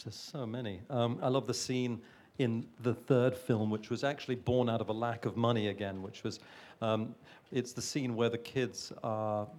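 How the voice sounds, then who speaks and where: Soft-spoken hesitant male producer. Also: fairly low pitch. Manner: thoughtful, hesitant with frequent restarts. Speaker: film producer. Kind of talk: panel talk.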